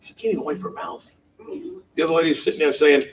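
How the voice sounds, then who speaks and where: A man with a high-pitched voice tells a self-mocking story to a banquet crowd, laughing at his own jokes as he goes. He switches into the voices of the people he quotes. The mic sits some way from him, and faint room noise stays underneath. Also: brisk, far from the mic, low-quality recording. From New Jersey. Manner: chuckles often and acts out quoted lines. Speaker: banquet speaker. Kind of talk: humorous personal storytelling speech. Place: banquet hall.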